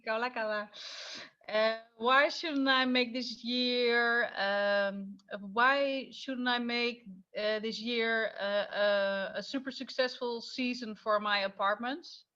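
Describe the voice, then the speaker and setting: Woman, slow, hesitant, many fillers, dull video-call sound. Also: fairly high pitch, steady tone, bright, forceful tone, clean tone. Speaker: participant on a coaching call. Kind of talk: hesitant casual sharing.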